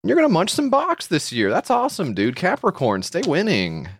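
A man trades crude, playful jokes as a podcast co-host. His pitch swings wildly between deep grumbles and high squeaks. The sound is dry and close. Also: huge pitch swings, moderate pace, slightly rough, no room sound. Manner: joking, crude, playful teasing. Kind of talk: casual comedic banter.

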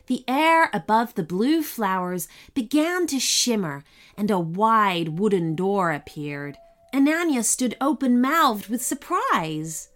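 Expressive woman reading a children's story. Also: medium pitch. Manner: expressive, slow and soothing. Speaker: podcast host and storyteller. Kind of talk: bedtime story narration.

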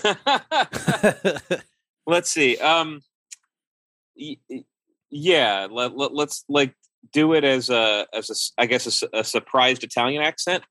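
A man's voice: medium pitch, lively intonation, takes it slowly, long pauses, bright, forceful tone, no echo. A man who is a guest on a podcast, chatting casually, hesitant and self-deprecating, often fumbling for words. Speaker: guest, politics writer. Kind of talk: casual chat.

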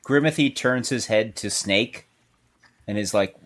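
Casual, hesitant tabletop player. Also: male voice, fairly low pitch, unhurried, a bit bright. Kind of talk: tabletop game play.

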